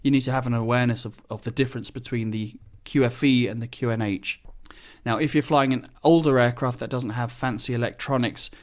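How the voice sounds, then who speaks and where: A man, a pilot, explaining flying procedures in a relaxed, chatty monologue. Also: medium pitch, fairly quick. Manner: chatty, relaxed, explains technical terms plainly. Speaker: business jet pilot.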